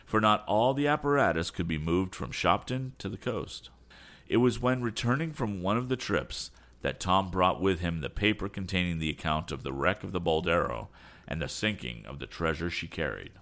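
Deep, expressive male storyteller. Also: normal speed. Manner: expressive reading with small slips. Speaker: podcast host and story reader. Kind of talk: storybook reading aloud.

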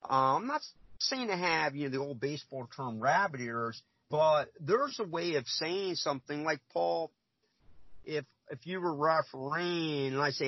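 A man's voice: a little high, expressive, a little slow, dry recording, dull audio. A man who scouts and formerly refereed, talking on a podcast in an emphatic way, repeating himself and acting out conversations. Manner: emphatic, repeats himself, acts out quoted exchanges. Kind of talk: podcast interview.

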